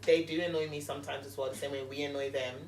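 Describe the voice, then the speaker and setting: Fast-talking low-voiced London woman. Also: recorded from a distance. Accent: London English. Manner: animated, emphatic storyteller. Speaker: podcast guest. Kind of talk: casual chat. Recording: roomy, off-mic.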